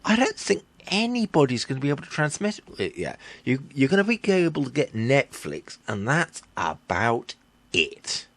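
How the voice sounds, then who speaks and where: A gravelly, medium-pitched male voice swings wildly in pitch on a dry recording. The tech vlogger vents bluntly and irritably, swearing without much thought, and his speech stalls with fillers and self-corrections.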